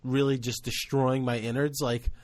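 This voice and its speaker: A man's voice: mid-range voice, level tone, moderate pace, darkish tone, no room sound. A man hosting a podcast, telling rambling, self-deprecating family stories in casual chat. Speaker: podcast host.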